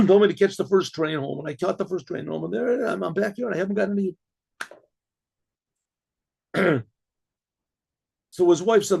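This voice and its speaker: A middle-aged man narrates a story in a gravelly, slightly high voice. He often clears his throat and stumbles over repeated words as he goes. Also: animated, moderate pace, pauses often. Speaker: storyteller rabbi.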